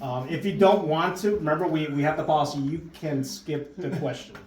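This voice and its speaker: A man's voice: a little high, a little fast, slight background noise. A man hosting a casual interview before a live audience, chatty and joking, often repeating his guest's answers back. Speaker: host. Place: home during a live blog-cast. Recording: roomy sound from a distance.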